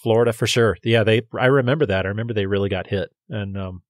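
A man's voice: fairly low pitch, fast, no room sound, clean studio sound. A man co-hosting a podcast in casual chat, joking and playful, acting out his sales talk. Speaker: podcast co-host.

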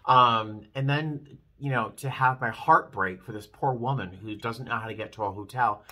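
Rambling emotional man with bright tone. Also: mid-range voice, normal speed. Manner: rambling, emotional, self-deprecating. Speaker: flight attendant vlogger. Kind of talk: casual vlog talk to camera.

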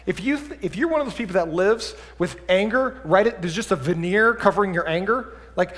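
Animated preaching man in a reverberant church. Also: high-pitched, a little fast, hardly any pauses. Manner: animated preaching, drops to a quiet voice for acted asides then climbs loud. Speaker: pastor. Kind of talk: sermon. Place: church sanctuary.

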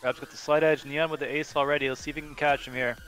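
A man giving excited play-by-play commentary on a drone race. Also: a little high, fast talker.

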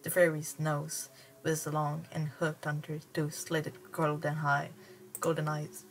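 A woman's voice: low-pitched, monotone, unhurried, a little hiss or hum, poor audio. A young woman reading a story aloud for a game stream, stumbling over words and breaking off into giggly asides. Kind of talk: casual read-aloud with commentary.

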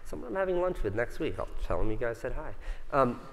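A man's voice: mid-range voice, very animated, fast talker. Casual man, conference speaker, profane and joking, big hall with long reverb. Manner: casual, profane, self-mocking, chatty with the audience. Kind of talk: casual storytelling talk. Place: large conference hall stage.

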